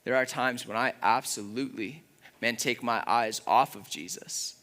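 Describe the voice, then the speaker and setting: A young man preaching a sermon in an earnest, conversational way, with a father's warmth. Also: medium pitch, normal speed. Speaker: pastor.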